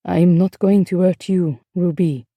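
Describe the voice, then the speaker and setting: A woman reading the lines of a weary, secretive French husband in an audiobook, in a low, guarded and tense way. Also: fairly even intonation, a little slow, dark tone, dry recording.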